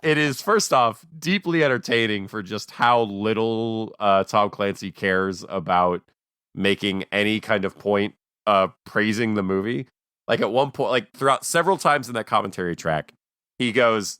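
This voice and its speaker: Low-voiced man telling a story animatedly. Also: normal speed, clean tone, no echo. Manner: animated storyteller, dry sarcastic asides. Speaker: podcast co-host. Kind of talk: casual chat.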